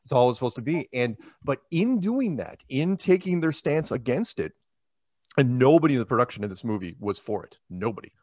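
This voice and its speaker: A man's voice: mid-range voice, sing-song, fairly quick, a little mellow, no echo, studio quality. A man from the United States, talking casually in an interview, rambling with many restarts and quoted asides. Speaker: interview guest.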